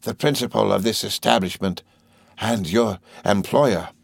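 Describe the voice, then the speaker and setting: A man voicing a pompous, angry older male headmaster who talks slowly and blusters. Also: lowish voice, gravelly, dry recording, clean studio sound. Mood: blustering.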